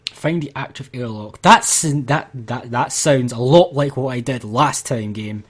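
A man's voice: medium pitch, lively intonation, unhurried, hardly any pauses. A man commentating his gameplay, exasperated and ranting to his viewers. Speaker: let's play gamer.

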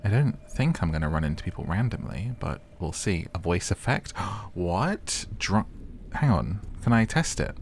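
A man's voice: low voice, lively intonation, normal speed, a little hiss or hum. A man giving casual, wry, self-mocking commentary while playing a game and reading menu options aloud. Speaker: gaming content creator. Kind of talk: casual let's-play commentary. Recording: game music behind.

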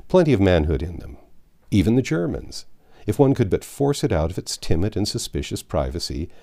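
A man reading a classic novel aloud as narrator, telling the story in an expressive, measured way. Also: on the low side, vocal fry. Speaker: audiobook narrator.

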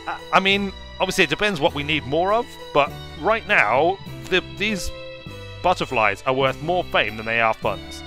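A man giving playful, jokey gameplay commentary as host of a let's play. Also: a little high. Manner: playful, jokey, self-mocking.

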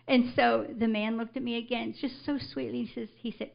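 A woman's voice: fairly high pitch, normal speed, creaky, lo-fi sound. Older woman testifying with fervor. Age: older, a grandmother. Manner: animated storyteller, bursts into loud scripture declarations. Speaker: church member giving a testimony. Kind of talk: spoken testimony to a congregation. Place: church service.

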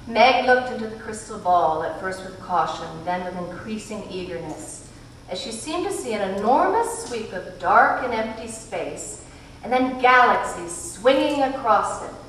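Woman reading a story in an echoey hall. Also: medium pitch. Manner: measured, expressive narration. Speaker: actor reading a novel aloud. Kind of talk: live reading of a book. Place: event hall. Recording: echoey hall from far off, faint noise.

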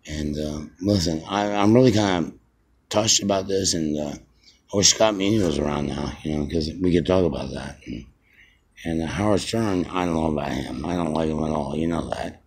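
A man in his fifties rambling as a self-styled radio host, halting with many fillers and restarts. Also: rumbling low, darkish tone. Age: 50s. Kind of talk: rambling mock radio broadcast.

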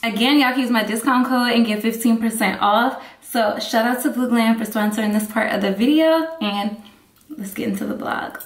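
A woman's voice: a little high, normal speed. Chatty woman in an echoey room. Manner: chatty, upbeat, talks straight to viewers with "y'all". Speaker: vlogger. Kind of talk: casual chat to camera.

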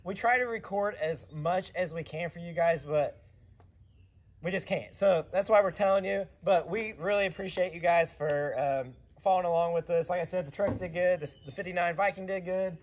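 Hoarse male vlog host, slightly high, animated rambling delivery. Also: normal speed. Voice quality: raspy. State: hoarse from yelling. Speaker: channel host, custom car builder. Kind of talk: casual vlog storytelling.

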